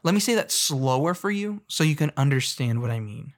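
A man rants in a loose, jokey way, tripping over his words and restarting as he gets worked up. His voice sits a little high for a man. He sounds excitable and rambling. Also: a little fast. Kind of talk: casual comedic rant.

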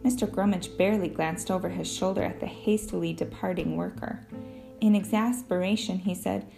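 Woman narrating a story, gravelly. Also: on the low side, steady tone, moderate pace, over music. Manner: clear storytelling, first person. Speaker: audiobook narrator. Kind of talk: scripted narration.

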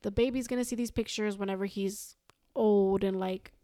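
A young woman guesting on a podcast tells a long, rambling personal story in casual conversation, constantly quoting herself and others with "I was like." Her medium-pitched, dark voice stays fairly even at a normal speed, recorded dry in clean studio sound.

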